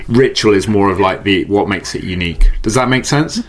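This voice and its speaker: A man speaking as a podcast guest, explaining ideas in an animated way, often repeating words and laughing easily. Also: on the low side, brisk. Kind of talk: conversational podcast interview. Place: based in the UK.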